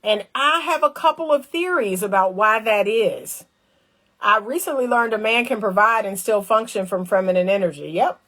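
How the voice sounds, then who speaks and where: A woman talks to her viewers about relationships in a relaxed, spirited direct-to-camera style. Her pitch is medium and her speed normal, and she uses colloquial speech, repeats phrases to stress points and acts out small scenes.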